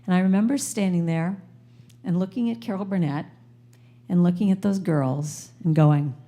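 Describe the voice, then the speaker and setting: A woman's voice: fairly low pitch, moderate pace. An American woman giving a sermon to a live congregation, telling a personal story and acting out the voices in it. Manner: animated, acts out voices in her story. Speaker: guest speaker at a spiritual center. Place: church sanctuary before a live congregation.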